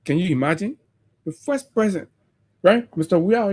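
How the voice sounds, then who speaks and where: Liberian guy on morning radio, pretty high voice, ranting about politics, sarcastic. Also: expressive, fairly quick, a little mellow. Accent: Liberian English. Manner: impassioned, mocking, rhetorical questions. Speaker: radio morning show host. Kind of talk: political commentary.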